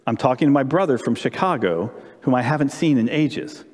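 A man's voice: mid-range voice, fairly quick, darkish tone, long reverb tail, lightly acted. A man doing a distracted pharmacist. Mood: brushing off. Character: busy middle-aged male pharmacist, distracted.

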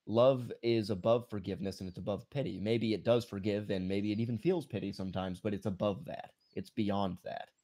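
A man with a mellow, relaxed, fairly low voice reads old-fashioned prose in a slow, measured way. Between passages he comments in ordinary conversational talk. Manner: slow, measured reading, then plain remarks. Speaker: co-host reading and commenting on a philosophy text. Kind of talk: reading aloud with commentary.

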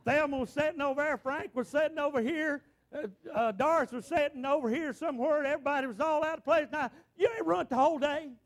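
A man's voice: very high-pitched, fast. A middle-aged man preaching a folksy, exclamatory sermon to his church congregation, often repeating himself. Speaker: pastor. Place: church sanctuary.

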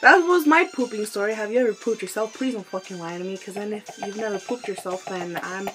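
A woman's voice: mid-range voice, fairly quick, fairly bright tone, low-quality recording. A young woman vlogger telling a story in a candid, profane, chatty way, breaking into giggles often and tossing in apologetic asides. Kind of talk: casual storytelling vlog. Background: faint instrumental music.

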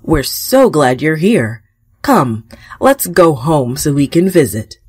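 A woman voicing a warm older uncle who greets his nephew heartily, in a children's storybook. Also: deep voice, very animated, takes it slowly, slightly rough, dry recording, clean studio sound, heavily acted. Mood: welcoming. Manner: hearty welcoming.

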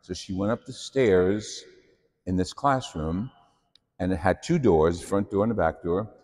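Deep-voiced priest telling stories. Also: male voice, measured pace, darkish tone, in a large hall. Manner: anecdotal storytelling, self-deprecating. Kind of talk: sermon. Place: church.

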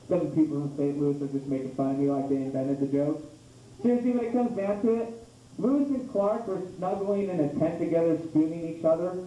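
A man from Idaho doing a rambling, self-deprecating open mic stand-up set, sometimes slipping into a mock TV ad pitch. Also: fairly quick, warm tone, a little hiss or hum. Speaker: stand-up comedian. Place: small bar stage. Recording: echoey room from far off.

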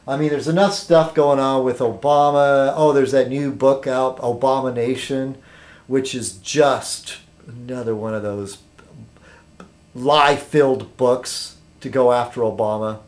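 A man vlogging, reading a news item aloud haltingly and then rambling through political commentary, tripping over foreign words. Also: mid-range voice, fairly even intonation, a little mellow. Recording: echoey room.

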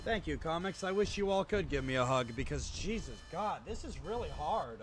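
A man streaming a horror game live, excitable and stressed, often yelling and swearing at the game. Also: fairly high pitch, moderate pace, slight background noise.

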